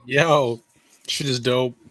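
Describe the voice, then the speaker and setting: A man's voice: mid-range voice, steady tone, takes it slowly, fairly bright tone. A man hosting a podcast, talking in a laid-back, joking way with casual swearing. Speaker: podcast host.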